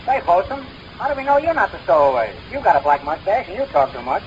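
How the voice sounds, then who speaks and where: An actor playing a fast-talking, wisecracking male con man in an old radio comedy. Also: high voice, very animated, slight background noise. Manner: rapid wisecracking patter. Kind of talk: 1930s radio comedy acting. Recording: dull lo-fi old radio recording.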